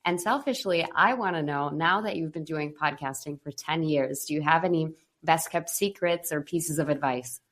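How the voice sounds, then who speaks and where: Low voiced lady hosting a podcast, upbeat n encouraging. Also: normal speed, hardly any pauses. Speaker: podcast host. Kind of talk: casual interview.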